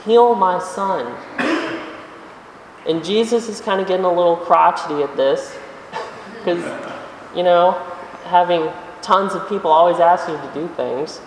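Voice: medium pitch, recorded from a distance, background noise. Conversational preacher in an echoey church. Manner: conversational, with rhetorical questions and slowed emphasis. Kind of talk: sermon. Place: church sanctuary. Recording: echoey hall, voice from afar.

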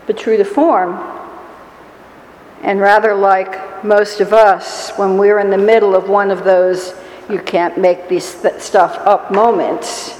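A woman's voice: medium pitch, level tone, slow pace, a little mellow, a little hiss or hum. A woman preaching a sermon in a church, telling the story with wry humor and mock-whining quotes. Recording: echoey hall with long reverb.

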